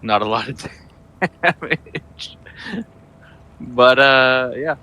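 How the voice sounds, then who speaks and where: A man playing in a live tabletop game, describing his character's actions slowly with many fillers and restarts. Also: medium pitch, bright, forceful tone. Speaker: player.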